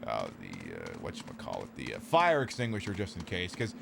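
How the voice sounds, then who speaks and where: A man's voice: low-pitched, wildly swooping pitch, brisk, gravelly, a little hiss or hum. Sarcastic, swearing male streamer. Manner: sarcastic, profane, rambling. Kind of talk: casual gameplay commentary.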